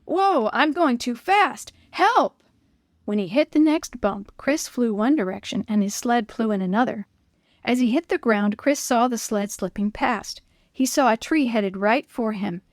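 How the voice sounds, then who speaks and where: A woman narrates a children's story in a clear, expressive read-aloud manner. Her voice sits a little high. The recording is dry and close. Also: moderate pace, dry recording.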